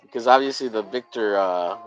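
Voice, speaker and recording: A man's voice: fairly low pitch, fairly quick, highs cut off. A man hosting a casual live drawing stream. He rambles profanely and laughs at his own jokes.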